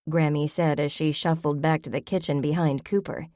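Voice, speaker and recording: A woman narrating an audiobook in a steady, measured way. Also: deep voice, no echo, studio quality.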